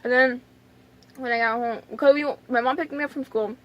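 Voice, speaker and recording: A young woman with a high voice tells a story to the camera in a loose, rambling way. She trips over fillers and restarts, and her voice often drops to a soft, emotional near-whisper. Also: fairly even intonation, a little fast, dull audio. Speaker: vlogger.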